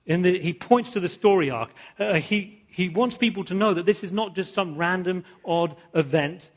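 In a church, a male pastor with a high-sitting voice preaches a sermon at normal speed, animated as he repeats phrases and puts questions to the congregation. The sound is lo-fi.

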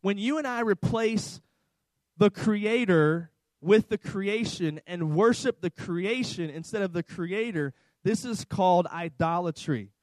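A man's voice: high-pitched, measured pace, dry recording, low-quality recording. A man preaching a sermon to a congregation, emphatic and repeating key lines for his listeners. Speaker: pastor. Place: church service with slides.

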